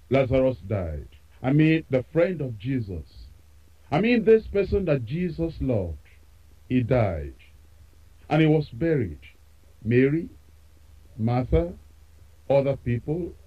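A man's voice: a little high, highs cut off. A man preaching a sermon, emphatic and repeating phrases for effect.

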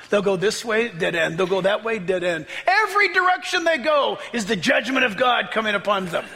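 A pastor preaching a sermon with excitable energy, often laughing and rising into shouts as he reads scripture. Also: extremely high pitch, vocal fry. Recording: long reverb of a large hall.

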